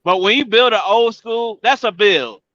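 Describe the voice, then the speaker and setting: A man joining a casual car talk who thinks aloud in an animated way. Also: high-pitched, moderate pace, muffled recording. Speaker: panelist. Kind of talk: casual group discussion.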